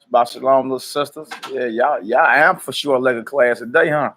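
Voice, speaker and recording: A man hosts a relaxed ministry livestream, calling out viewers by name and hyping them up. He laughs easily and talks loosely in a mid-pitched voice. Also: moderate pace. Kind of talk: casual livestream chat before prayer.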